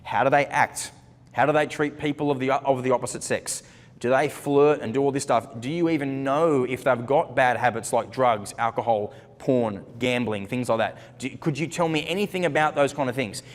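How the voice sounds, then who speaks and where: A man's voice: medium pitch, normal speed. A man with a mid-range voice gives earnest, faith-based relationship advice in a conversational, story-driven way. He often repeats words as he searches for the next thought. His voice carries a long reverb, as if recorded in a large hall. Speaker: Christian ministry speaker.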